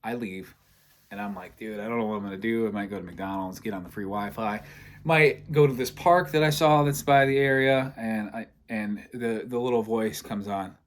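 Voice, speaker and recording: A young man from Michigan telling a long story in a casual, animated way, acting out both sides of the conversations. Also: lowish voice, brisk.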